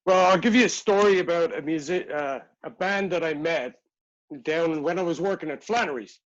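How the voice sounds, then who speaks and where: A man's voice: a little high, moderate pace, lo-fi sound. A man from Ireland, a pub owner spinning a rambling bar story as a podcast guest. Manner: rambling, chatty yarn spinner. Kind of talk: casual storytelling.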